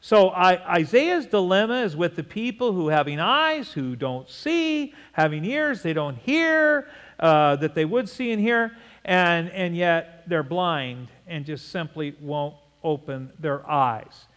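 Older preacher with ringing hall reverb. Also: male voice, sits high, lively intonation, takes it slowly, fairly bright tone. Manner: emphatic preaching, repeats words, asks congregation to repeat. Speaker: pastor. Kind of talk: sermon.

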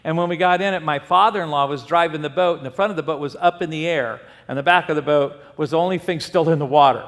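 A middle-aged pastor with a fairly high, quick voice preaches a sermon, telling stories and animatedly acting out the voices of the characters. The recording has a long hall reverb.

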